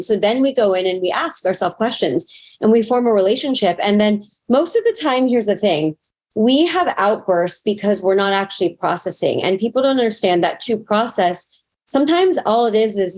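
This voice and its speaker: A woman spiritual teacher and healer talking casually as an interview guest, animated, acting out her inner voice and swearing freely. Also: mid-range voice, normal speed.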